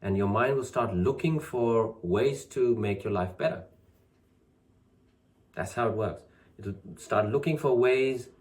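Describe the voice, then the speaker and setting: Low-voiced man repeating affirmations. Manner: encouraging, repeats affirmations with rising emphasis. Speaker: channel host teaching spiritual practice. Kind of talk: casual spiritual talk.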